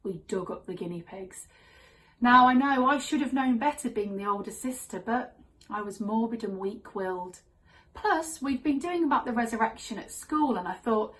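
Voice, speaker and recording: A woman tells a funny true story to an audience, her voice sitting a little high. Her delivery is wry and deadpan, and she lets the jokes land without pushing them. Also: moderate pace, poor audio. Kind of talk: live comic storytelling.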